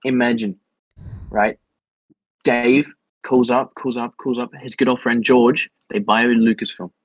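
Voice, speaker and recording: Exasperated husky man on a podcast. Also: medium pitch, flat delivery, a little slow, no echo, poor audio. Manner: exasperated, repetitive interjections. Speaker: podcast co-host. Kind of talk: casual chat.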